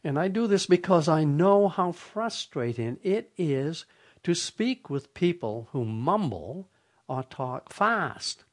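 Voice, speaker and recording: An older man hosting a radio show, telling a humorous story in a deliberate, slow way. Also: fairly high pitch, very animated. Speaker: radio host.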